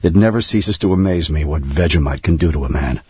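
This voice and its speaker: An actor playing a deadpan male noir detective with a Brooklyn accent, formal and polite, in a comedy radio play. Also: rumbling low, fairly quick, a little hiss or hum. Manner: deadpan, formal, sir-ending. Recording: slightly muffled recording.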